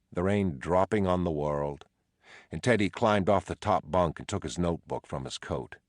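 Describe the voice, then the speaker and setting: A man narrating an audiobook in a measured, somber way. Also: low-pitched, dry recording, studio quality. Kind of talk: scripted narration.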